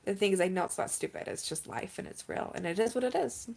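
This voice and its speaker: A young woman vlogging to camera in a candid, chatty way, moving from earnest advice to bursts of excitement and near tears. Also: mid-range voice, fast talker, creaky. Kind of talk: casual talk to camera.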